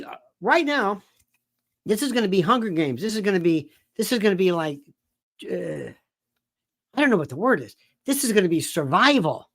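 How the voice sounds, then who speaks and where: A man hosting a political commentary show, delivering an animated monologue full of rhetorical questions and exasperated repetition. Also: high-pitched, dry recording, studio quality. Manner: exasperated, fires off rhetorical questions, repeats himself.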